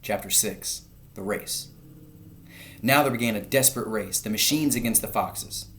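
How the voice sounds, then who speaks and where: A man, a teacher, reading a children's story aloud to his class, lifting his voice for the shouted lines. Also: lowish voice, normal speed, a little hiss or hum.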